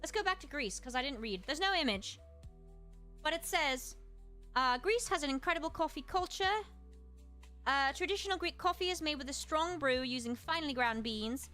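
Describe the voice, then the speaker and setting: A woman streamer in casual chat, reading aloud and musing with quick asides to her chat. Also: high voice, lively intonation, sharp tone, faint music behind. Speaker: streamer host.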